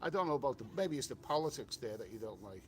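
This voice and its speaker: A man's voice: medium pitch, animated, fast, slight background noise. A man with a Liverpool accent hosting a travel live stream, reading viewer comments aloud in a loose, rambling way with many restarts and fillers. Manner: rambling, frequent restarts and "you know" fillers.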